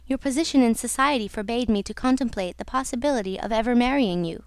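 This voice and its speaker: A woman's voice: on the high side, vocal fry, dry recording, studio quality. A woman reading an audiobook, voicing a young female opera singer who confides her story in an earnest, wistful way.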